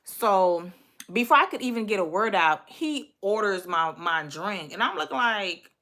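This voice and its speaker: A young woman telling a date story in a casual storytime vlog, profane and animated, acting out her own thoughts. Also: medium pitch, a little slow.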